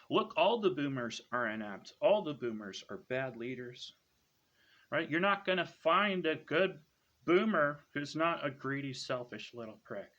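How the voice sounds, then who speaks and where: A man's voice: on the high side, pushed and bright, muffled recording. A man ranting to his viewers in a smug, scornful lecturing tone, ending claims with "right?". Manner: lecturing, repeats "right?" after each claim. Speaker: online commentator.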